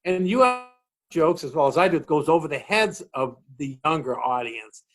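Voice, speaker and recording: A middle-aged man with a Boston accent talks in a slightly high, animated voice, jumping up and down in pitch as he acts out other people's lines. He tells comedy stories in a casual, chatty way. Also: normal speed, soft background music. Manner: animated storyteller acting out quotes. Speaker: comedian guest. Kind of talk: casual chat, storytelling.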